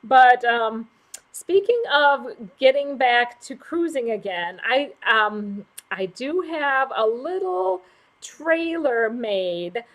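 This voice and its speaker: A high-pitched woman hosts a casual livestream and reads out viewer comments. She gushes with emotion, laughs easily and keeps repeating words as she thanks her viewers. She sounds middle-aged and is from the United States. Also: expressive, takes it slowly, fairly bright tone. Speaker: livestream host.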